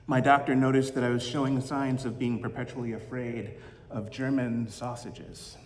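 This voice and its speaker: A man giving a Sunday reflection as minister, gentle and halting, fond of corny puns. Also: mid-range voice, level tone, slight background noise. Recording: roomy echo with long hall reverb, faint ambience.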